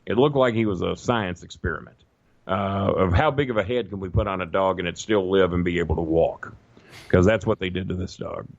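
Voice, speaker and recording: Man, gravelly low voice, profane storyteller, muffled lo-fi audio. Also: a little fast, no echo. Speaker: guest storyteller. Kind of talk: casual podcast storytelling.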